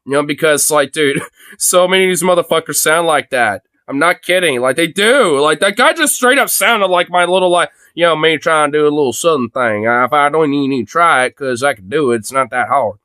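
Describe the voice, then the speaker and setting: Young male streamer host, casual swearing rambler, smooth dry tone. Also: fairly high pitch, lively intonation, fairly quick, sharp tone, no echo. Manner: rambling, laughs often, swears freely. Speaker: streamer host reacting to videos. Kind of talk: casual reaction chat.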